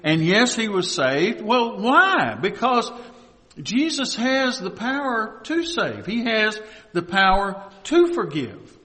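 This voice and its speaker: A high, bright-toned man preaching a sermon from the pulpit. His voice rings with a long hall reverb, and he earnestly draws the congregation into call-and-response. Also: very animated, slow pace. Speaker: pastor.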